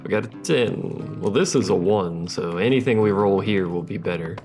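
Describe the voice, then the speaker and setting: A man's voice: low voice, expressive, normal speed, music in the background. A man giving casual, wry commentary on his gameplay and reading the game's text aloud. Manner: wry, reads game text aloud between remarks. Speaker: let's play host.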